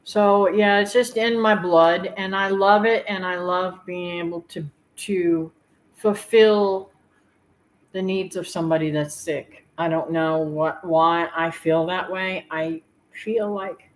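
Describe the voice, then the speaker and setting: A middle-aged woman hosting her homestead channel, talking to her viewers in a heartfelt, rambling way with filler pauses and tearful moments. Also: fairly low pitch, steady tone, rough recording. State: tearful at times. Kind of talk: emotional personal talk to viewers.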